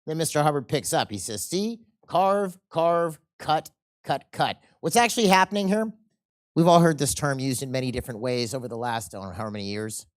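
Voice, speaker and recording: A presenter leading a sales seminar in a relaxed, chatty way, stopping often to ask the room questions and drift into side stories. The voice sits at an ordinary middle pitch. The recording is close and dry. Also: fast, no room sound. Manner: casual, asks the audience questions, tells anecdotes. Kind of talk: conversational seminar lecture.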